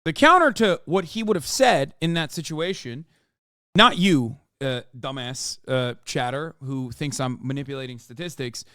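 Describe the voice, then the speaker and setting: A male streamer ranting at his chat during a live reaction stream, profane and combative, often yelling. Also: medium pitch, expressive, normal speed, clean tone, no room sound, clean studio sound.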